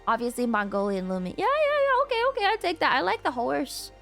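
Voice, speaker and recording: A woman's voice: sits high, wildly swooping pitch, fast, creaky, a bit bright. A young woman streamer chatting casually with her viewers, playful and laughing often. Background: music.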